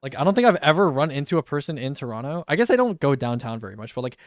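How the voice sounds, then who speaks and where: A man's voice: mid-range voice, very animated, rapid-fire, no echo, clean studio sound. A young man streamer chatting casually and slangily while he plays. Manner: laid-back and slangy, often says "bro". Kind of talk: casual live-stream chat.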